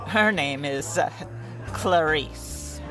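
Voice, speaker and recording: Casting: actress as a snappish old-time noir client, brisk and cutting, faint music underneath. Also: female voice, sits low. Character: blunt, tactless 1940s-style woman client. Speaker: client hiring a detective. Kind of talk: 1940s radio acting.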